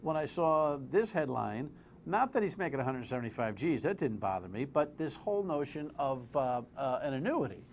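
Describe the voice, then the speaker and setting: A man hosting a live TV political talk show, animated and exclamatory, full of rambling asides. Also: medium pitch, moderate pace, gravelly, a little hiss or hum.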